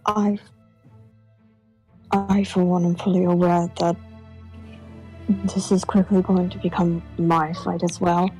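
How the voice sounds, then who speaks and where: A woman playing an earnest exile loyal to her people in a tabletop game, speaking in a halting, sincere way. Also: fairly low pitch, little pitch movement, darkish tone, soft background music, low-quality recording. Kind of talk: in-character tabletop role-play.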